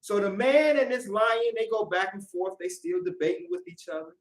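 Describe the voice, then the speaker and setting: A man with a high-sitting voice and fairly even intonation leads a Sabbath lesson at normal speed, mixing in storytelling. He talks conversationally and checks in with rhetorical questions, recorded with roomy echo from a distant mic.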